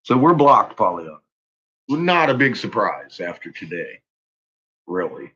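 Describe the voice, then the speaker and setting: A man's voice: low voice, very animated, unhurried, bright, forceful tone. A man ranting on a live stream in casual, profane talk, laughing often and calling out to his viewers by name. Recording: muffled lo-fi recording.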